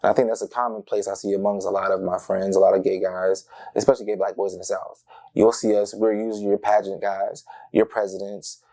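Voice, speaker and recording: A young man from Tampa, Florida, telling personal stories as an interview guest, animated and acting out the voices of the people in them. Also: fairly low pitch, a little fast, creaky. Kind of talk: casual personal storytelling.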